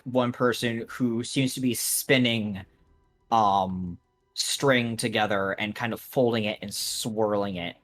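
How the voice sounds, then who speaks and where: A man narrating a tabletop game as game master, describing scenes in halting bursts full of restarts. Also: lowish voice, fairly bright tone. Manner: halting, many restarts and fillers while describing.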